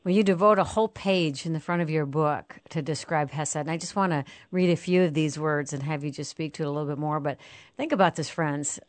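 A woman's voice: sits low, fairly quick, no room sound. A woman hosting an interview, asking earnest questions and reading aloud from the guest's book. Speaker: host.

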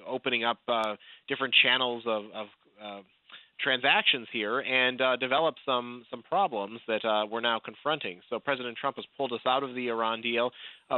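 A male guest commentator heard over a tinny phone line, the sound dry and narrow. He talks at an ordinary pitch, pausing often on "uh" and restarting phrases. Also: no echo. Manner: halting, many uh fillers and restarts. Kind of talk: phone-in interview.

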